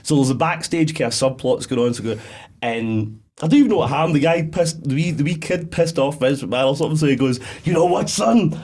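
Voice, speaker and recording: A man's voice: medium pitch, fast talker. A man co-hosting a podcast, telling stories in rambling casual chat with frequent laughter. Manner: rambling, laughing, animated storytelling. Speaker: podcast co-host.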